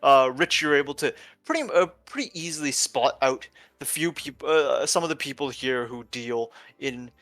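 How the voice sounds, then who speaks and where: A man narrating a tabletop game as game master, halting with many fillers and restarts. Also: mid-range voice, animated, a bit bright, dry recording.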